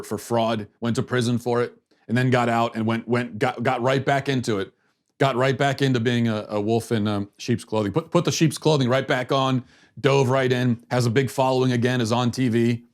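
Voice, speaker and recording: A man hosting a political commentary podcast, talking in a sarcastic, mocking way with frequent restarts and repeated words. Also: mid-range voice. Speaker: host.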